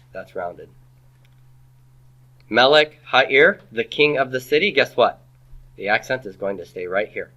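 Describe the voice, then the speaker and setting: Bright-voiced man teaching a class. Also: medium pitch. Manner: quizzing students with rhetorical questions; playful asides. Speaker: Hebrew grammar teacher. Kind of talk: classroom lecture.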